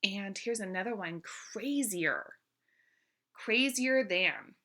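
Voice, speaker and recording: A woman teaching a grammar lesson, speaking clearly and encouragingly and drawing out each example word. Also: mid-range voice, animated, slow pace, a bit bright.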